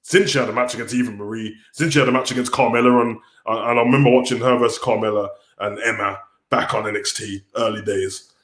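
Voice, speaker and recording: A man's voice: mid-range voice, steady tone, fast, hardly any pauses, fairly bright tone. A man hosting a livestream, ranting bluntly and casually with many restarts. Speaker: wrestling commentator and livestream host. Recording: roomy echo.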